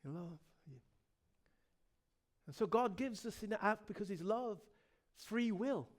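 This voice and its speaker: A man, the pastor of a church, preaching a sermon with passion, moving from loud emphasis to soft pleading and often repeating himself. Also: high voice, measured pace. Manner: repeats words and restarts phrases.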